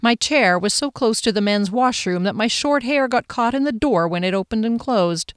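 A woman narrating a first-person audiobook in a measured, expressive way. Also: fairly high pitch, clean tone, dry recording, clean studio sound.

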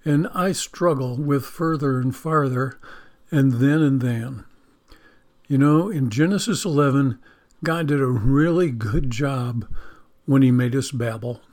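A man's voice: mid-range voice, a little slow, a little mellow. A man giving a folksy Bible-teaching sermon, joking about spelling and leading a prayer. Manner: leads a spoken prayer. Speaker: preacher.

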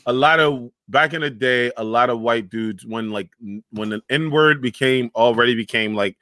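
A man chatting casually on a panel over a video call, animated and slangy, often restarting his sentences. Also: mid-range voice, normal speed, no echo. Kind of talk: casual podcast chat.

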